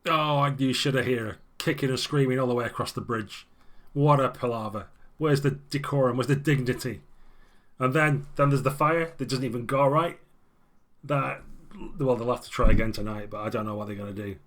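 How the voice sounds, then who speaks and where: A man's voice: medium pitch, moderate pace, a bit bright, close to an everyday voice. A man voicing a grumbling older former alderman who rants nostalgically about the old days. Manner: ranting, complaining, nostalgic.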